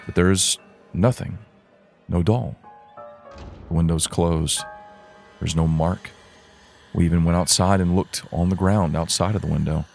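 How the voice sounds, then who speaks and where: Man, very low voice, first-person spooky story, stumbles and repeats words for suspense. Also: fairly even intonation, creaky, darkish tone, soft background music. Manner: halting, repeats words while building suspense. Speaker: podcast storyteller.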